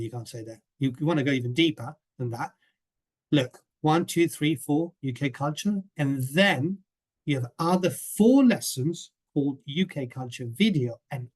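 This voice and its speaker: A man presenting a coursebook in a webinar over a video call, chatty and often checking in with the listeners. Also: fairly high pitch. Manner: chatty, keeps checking in with "okay?". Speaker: teacher trainer presenting a coursebook.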